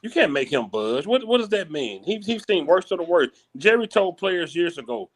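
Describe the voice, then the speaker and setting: A man's voice: sits high, very animated, moderate pace, few pauses. A man hosting casual sports talk, laid-back and slangy, often repeating his points.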